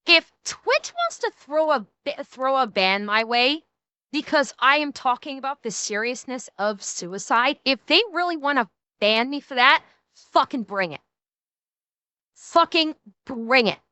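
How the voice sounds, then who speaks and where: A woman's voice: high voice, expressive, unhurried, pushed and bright, clear, resonant tone, no echo. A woman streamer giving casual reaction commentary, emphatic and ranting, swearing often and swinging between mocking and serious.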